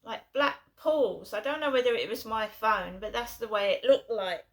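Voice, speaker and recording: A middle-aged woman from England rambles through a personal story, repeating herself and restarting her sentences. Her voice is bright and sits somewhat high. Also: moderate pace. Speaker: vlogger.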